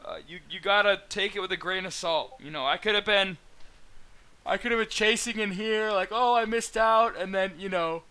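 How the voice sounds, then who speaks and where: A young stock trading mentor with a bright, smooth, clear voice, a bit higher than typical for a man, talks viewers through his trades at normal speed. He's casual and rambling, with plenty of fillers and restarts.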